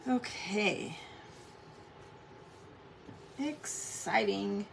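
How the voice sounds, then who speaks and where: A woman's voice: mid-range voice, lively intonation, drawn-out words, vocal fry, slight background noise. A middle-aged woman hosting a casual live craft stream at home, chatting with viewers and greeting them by name.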